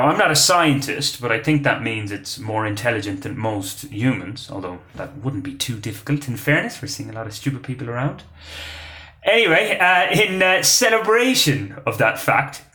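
A man's voice: on the high side, sharp tone, roomy sound. A man hosting a casual quiz podcast, joking between questions with lots of fillers. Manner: chatty, joking asides, frequent uh fillers. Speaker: quiz host. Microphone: phone.

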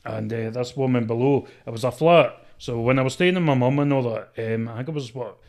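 A Scottish man with a deep, strong voice, talking shyly and hesitantly as an interview guest, with many fillers. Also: brisk, a little mellow. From Scotland. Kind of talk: casual interview.

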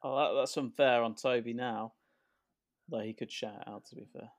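A man's voice: medium pitch, fairly even intonation, normal speed. A man co-hosting a casual podcast with friends, joking and teasing them playfully. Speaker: podcast co-host.

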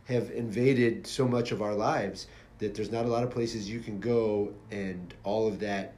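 A man hosting a podcast interview, talking in a relaxed, thoughtful, affirming way. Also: fairly low pitch, unhurried. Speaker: podcast host. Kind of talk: casual interview chat.

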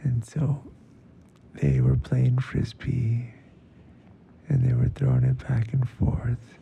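A man hosting and narrating a bedtime story in a hushed, often whispering voice, slipping in phrases of Spanish. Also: mid-range voice, fairly even intonation, slow pace, creaky, lo-fi sound, a little hiss or hum. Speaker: storyteller host.

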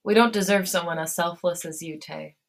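A woman's voice: lowish voice, fairly quick, creaky. Woman reading as a blunt, scared young man. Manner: blunt, clipped. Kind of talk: fan fiction read aloud.

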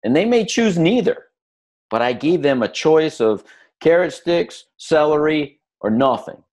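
A man's voice: fairly high pitch, a little slow. A middle-aged man talking in a casual podcast conversation as a lifestyle coach, telling stories and acting out quotes. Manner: animated storyteller acting out quotes.

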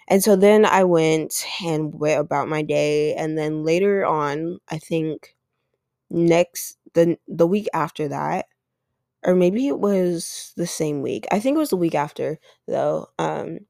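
Gravelly-voiced woman telling a rambling storytime. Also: deep voice, unhurried, warm tone, no room sound, clean studio sound. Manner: rambling, heavy use of "like", acts out quoted dialogue. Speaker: podcast host. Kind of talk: casual storytime monologue.

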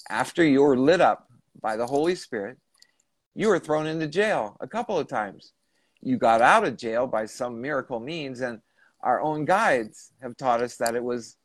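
A man's voice: mid-range voice, lively intonation, measured pace, no room sound. Earnest male podcast host, dry sound. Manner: earnest, retelling and rephrasing questions. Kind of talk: recounting a channeling session.

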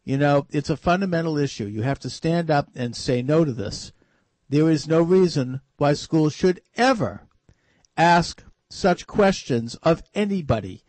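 A man's voice: a little high, animated, measured pace, a little mellow, dry recording. Earnest male radio talk host. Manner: earnest, urging listeners directly. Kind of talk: radio talk show discussion.

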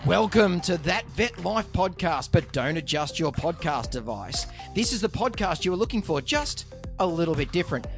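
A man's voice: fairly high pitch, big pitch swings, moderate pace, creaky, soft background music. A man with an Australian accent, a veterinarian guest who jokes through a scripted intro and rambles playfully in casual chat. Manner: playful banter, rambling with fillers.

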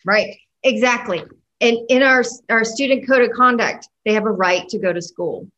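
A woman's voice: fairly high pitch, moderate pace, sharp tone, lo-fi sound. A woman appearing as a guest on a talk radio show, agreeing eagerly and speaking about her campaign. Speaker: school board candidate guest.

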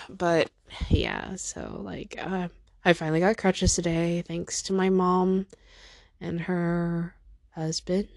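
A teary woman talks slowly through a casual, rambling solo podcast at home, self-deprecating and pausing to talk to her cat. Her voice sits a little low. The sound is dry and close, with no room echo. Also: little pitch movement, creaky. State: teary after crying. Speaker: podcast host.

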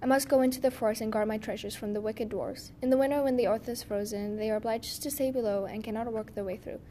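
A gentle talking bear speaks calmly and earnestly of guarding his treasures. A woman gives him voice in a fairy-tale reading. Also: a little high, fast talker, a little hiss or hum, natural voice.

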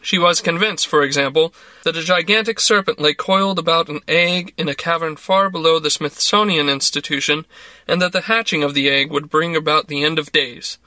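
A man reading a story aloud as narrator in a measured, even way. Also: on the high side, no echo.

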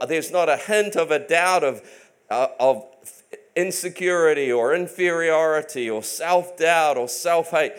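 A man's voice: on the high side, measured pace, clear, resonant tone. A man preaching a sermon in an earnest, emphatic way, often restarting his sentences.

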